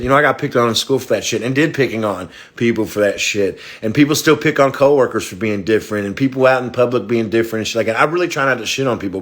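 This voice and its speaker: A man hosting a livestream, talking bluntly and profanely in a confessional rant that swings into loud, excited, laughing bursts. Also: on the low side. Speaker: livestream host.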